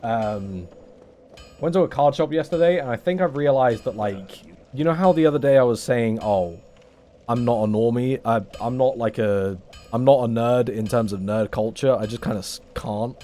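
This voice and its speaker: A man's voice: medium pitch, moderate pace, dark tone. Rambling, swearing young man streamer. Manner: rambling, self-mocking, swears a lot. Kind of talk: casual gameplay chat with stream chat.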